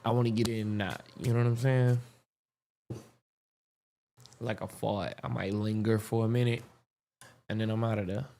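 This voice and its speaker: A man's voice: fairly low pitch, level tone, normal speed, vocal fry, long pauses, mellow, slight background noise. A male podcast host chatting casually and laid-back, reacting to comedy clips. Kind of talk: casual chat.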